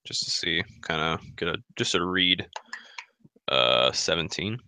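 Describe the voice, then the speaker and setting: A man's voice: low voice, expressive, measured pace, bright, forceful tone, clean tone, no echo. A man taking part as a player in a tabletop role-playing game, talking in a casual, friendly, slightly hesitant way. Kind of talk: tabletop role-play chat.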